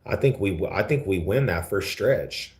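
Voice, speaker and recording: A livestream host from Denver, USA, with an East Denver accent answers viewers in laid-back, slangy talk, calling people homie and fool. His voice is low with lively intonation, a moderate pace, and a darkish tone.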